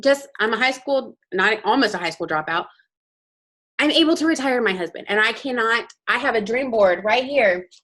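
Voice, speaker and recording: A woman's voice: a little high, expressive, moderate pace, fairly bright tone. A young woman speaking candidly and with emotion to her sales team over a video call, as a motivational guest speaker. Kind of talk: motivational team training talk.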